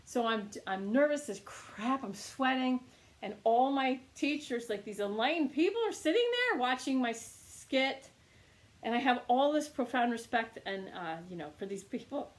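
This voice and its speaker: A woman reiki teacher telling a casual teaching anecdote, animated and laughing often. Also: fairly high pitch, normal speed. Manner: animated storytelling with frequent laughs.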